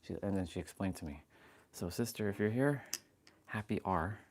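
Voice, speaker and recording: A man's voice: deep voice, normal speed, a little mellow, slight background noise. A man hosting a live workout stream, counting his exercise reps aloud and chatting with viewers in a friendly way. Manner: friendly, greets viewers as brother. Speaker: fitness livestream host.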